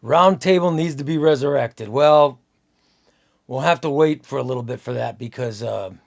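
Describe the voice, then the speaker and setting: A man's voice: medium pitch, normal speed, creaky. A man hosting a casual live stream, chatting loosely, repeating himself and reading out viewer comments. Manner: rambling, repeats himself, reads out chat comments.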